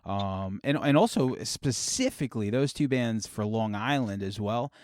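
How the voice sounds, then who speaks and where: Low-voiced man hosting a podcast. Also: animated, a little mellow, no room sound, studio quality. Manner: halting, restarting questions. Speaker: podcast host. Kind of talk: casual chat.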